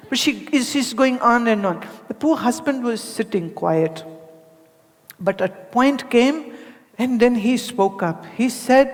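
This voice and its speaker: A woman's voice: a little high, measured pace. A woman from India giving a spiritual talk to an audience, conversational, asking rhetorical questions and acting out the people she quotes. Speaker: spiritual teacher. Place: large hall with audience. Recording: long hall reverb.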